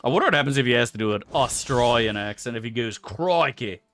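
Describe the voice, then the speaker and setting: A man's voice: medium pitch, fast, fairly bright tone, faint music behind. A young man streaming a game, chatting casually with his viewers in a laid-back, joking and profane way. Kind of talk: casual live-stream chat.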